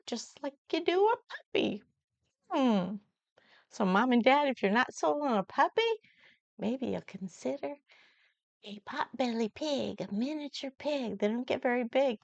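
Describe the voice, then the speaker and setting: An older woman reading gently to young children, coaxing them with questions in a slow, sing-song manner. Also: a little high, gravelly, no echo. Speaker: children's storyteller. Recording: dull lo-fi sound.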